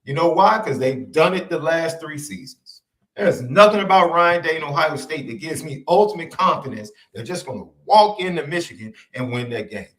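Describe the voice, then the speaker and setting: A man's voice: on the high side, moderate pace. A man co-hosting a sports podcast in casual chat, emphatic and repeating his points. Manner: animated, emphatic repetition. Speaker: podcast co-host.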